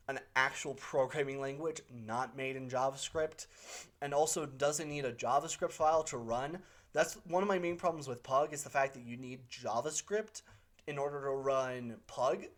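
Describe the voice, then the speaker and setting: Rambling, opinionated channel host. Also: medium pitch. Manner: rambling and opinionated, with frequent fillers and self-corrections. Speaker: channel host answering viewer questions. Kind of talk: casual unscripted Q&A monologue.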